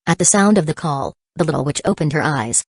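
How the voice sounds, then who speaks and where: A woman narrating an audiobook in an even, steady storytelling manner. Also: low voice, a little fast, breathy edge, no room sound.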